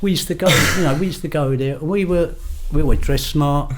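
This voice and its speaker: A man's voice: fairly high pitch, moderate pace. An older man, a podcast guest recounting his past in a blunt, storytelling way and acting out the exchanges he quotes. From London. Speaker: guest, former gangster. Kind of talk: storytelling interview.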